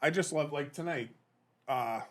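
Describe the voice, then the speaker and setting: A man's voice: a little high, normal speed, a bit bright. A man chatting casually on a podcast, telling stories with some swearing. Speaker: podcast co-host. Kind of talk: casual chat.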